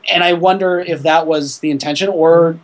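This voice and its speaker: Relaxed man in casual film talk. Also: fairly high pitch, moderate pace. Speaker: film discussion co-host.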